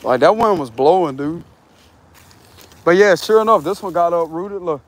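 Walking through the woods on a trail, this man who reads tarot talks to his audience at an even, moderate speed in a voice that sits high. His manner is easygoing, full of slang and swearing, and he often breaks into laughter.

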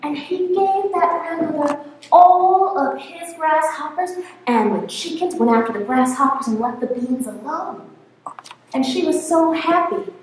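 A woman telling a folktale to a church congregation in a lively, sing-song way. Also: high voice, measured pace, a little hiss or hum. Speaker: folktale storyteller. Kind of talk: oral storytelling to a congregation. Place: church sanctuary. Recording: echoey hall from far off.

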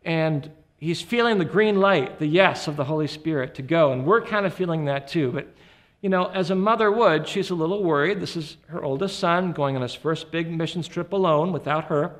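A man giving a humorous Christian teaching talk, an animated storyteller who slips into voices. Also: fairly high pitch, normal speed.

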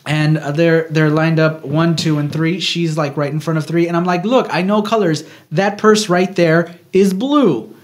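A man with a slightly high voice tells a story on a podcast he co-hosts, keeping a moderate pace with few pauses. The chat is casual, and he's lively, profane, and quick to act out quotes.

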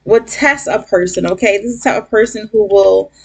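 A woman's voice: medium pitch, steady tone, a little fast, gravelly, breathy edge. A woman giving a casual tarot reading to her viewers, rambling and blunt, with lots of fillers and "okay?" checks. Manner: blunt, occasional cursing. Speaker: tarot reader.

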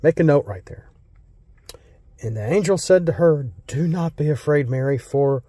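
An American man reading Bible verses slowly and solemnly, then explaining them in a casual, rambling way. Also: medium pitch, dark tone, no room sound, studio quality. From United States. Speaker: Bible teacher.

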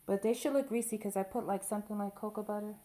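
A woman's voice: mid-range voice, fast, mellow. A middle-aged woman in a casual show-and-tell vlog, chatty and rambling, gushing about a gift. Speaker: video blogger.

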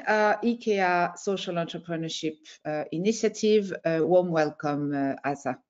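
A woman's voice: fairly low pitch, animated, measured pace, hardly any pauses, a little mellow, lo-fi sound. A woman hosting an online webinar, giving opening remarks in a hesitant way, with many filler sounds. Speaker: webinar host. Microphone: video call.

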